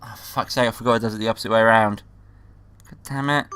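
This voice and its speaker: A man's voice: lowish voice, fairly even intonation, fast talker, long pauses, fairly bright tone, clean tone. A man playing a visual novel and reading it out, joking and swearing, with game music behind. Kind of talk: profane let's play commentary.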